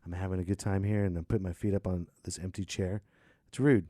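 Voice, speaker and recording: A man hosting a podcast, ranting sarcastically and swinging between loud and muttered. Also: sits low, little pitch movement, fast, dry recording, studio quality. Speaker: podcast host. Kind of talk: casual ranting chat.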